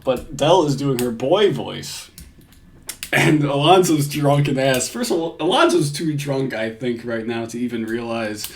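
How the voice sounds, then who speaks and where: A man's voice: mid-range voice, slight background noise. A man giving crude, casual reaction commentary from home, swearing and laughing often.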